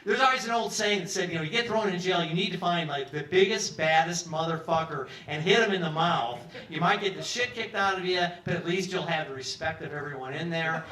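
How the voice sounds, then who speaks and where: A man's voice: fairly high pitch, pushed and bright. A man in his sixties telling a casual, profane story live in a pub. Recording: roomy pub from far off.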